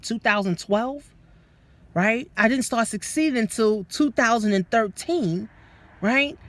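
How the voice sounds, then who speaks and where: Woman coach talking straight to her followers, lots of cussing, animated. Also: medium pitch. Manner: animated and profane, addresses listeners as guys. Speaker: business coach. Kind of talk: casual motivational talk.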